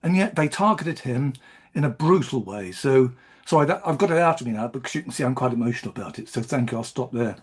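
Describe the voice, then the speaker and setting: A man speaking on a video call, emotional and halting, with frequent pauses and ums. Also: medium pitch, husky. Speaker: book group member. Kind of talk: emotional group discussion.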